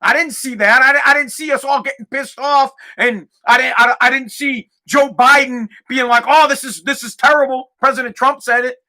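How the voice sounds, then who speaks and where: A man hosting a podcast, delivering an angry, profane solo rant that repeats itself and breaks into shouting. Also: extremely high pitch, steady tone, moderate pace, few pauses. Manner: heated, profane, repeats himself, shouts at times. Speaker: podcast host.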